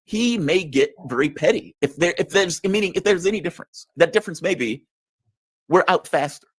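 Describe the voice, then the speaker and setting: Male commentator, blunt and combative, higher-pitched, dry sound. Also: animated, a little fast, slightly rough, dry recording. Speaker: political commentator. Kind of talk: heated political discussion.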